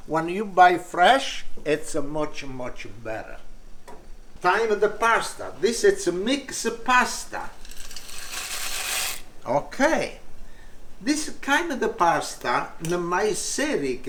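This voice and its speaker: A man's voice: high-pitched, very animated, slow pace, a bit bright, reverberant, a little hiss or hum. An older man from Italy with a strong Italian accent, hosting a home cooking lesson in broken English and repeating words with enthusiasm. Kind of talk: casual cooking demonstration. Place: home kitchen.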